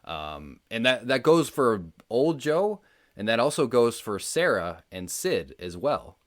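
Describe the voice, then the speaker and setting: A man co-hosting a podcast, talking through a film in a relaxed, rambling way with plenty of fillers. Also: mid-range voice, measured pace. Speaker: podcast co-host. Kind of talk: casual movie discussion.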